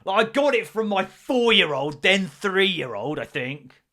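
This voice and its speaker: Sweary podcast host, jokey. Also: male voice, sits high, sing-song, a little slow, sharp tone. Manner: sweary, jokey storytelling with mock voices. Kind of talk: casual solo podcast chat.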